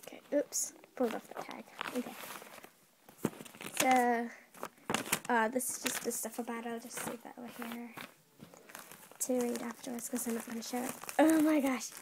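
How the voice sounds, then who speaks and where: A high-voiced teenage girl films an unboxing, squealing with giddy excitement and laughing often. Plastic crinkles softly in the background. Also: background noise. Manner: giddy, keeps exclaiming and laughing. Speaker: vlogger. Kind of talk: unboxing video.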